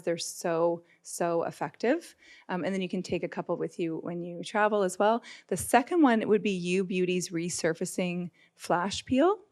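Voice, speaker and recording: Chatty woman in her forties, lowish voice. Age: 40s. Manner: chatty, enthusiastic product rundown. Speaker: jewelry brand founder, guest. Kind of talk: live podcast panel chat. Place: busy pop-up shop before a live audience.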